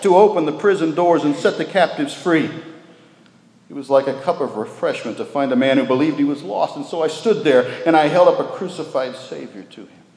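A man preaching a sermon as a vivid story, swinging between loud exclamations and hushed lows. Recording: reverberant hall.

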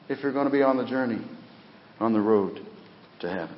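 A middle-aged man preaching a sermon in a church, swinging from loud, rising appeals to quiet, dropped phrase endings. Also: medium pitch, animated, fairly quick, pauses often, big-room sound, dull audio, a little hiss or hum. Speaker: pastor. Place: church sanctuary.

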